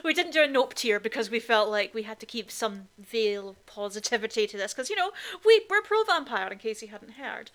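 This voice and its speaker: A woman's voice: on the high side, lively intonation, fairly quick, few pauses, a bit bright. A woman co-hosting a podcast, chatting casually and with strong opinions about films, with lots of "like" fillers. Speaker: podcast co-host. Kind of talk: casual film chat.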